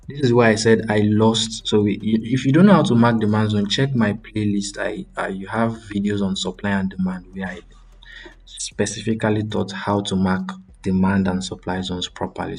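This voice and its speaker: A man's voice: fairly low pitch, vocal fry, a little mellow, breathy edge. A young man hosting a trading channel, casually talking through a live screen-share trade breakdown with frequent ums and self-corrections.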